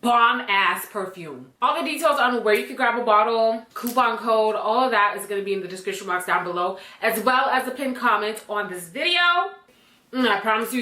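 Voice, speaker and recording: A woman telling a personal story to camera in a casual, blunt, animated way, swearing freely. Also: a little high, reverberant. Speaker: storytime vlogger.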